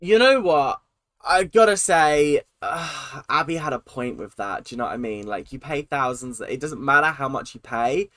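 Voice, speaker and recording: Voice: mid-range voice, lively intonation, normal speed, a bit bright, no echo, soft background music. A British YouTube host ranting casually and sarcastically while reacting to a TV show. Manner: blunt, ranting, sarcastic, swears.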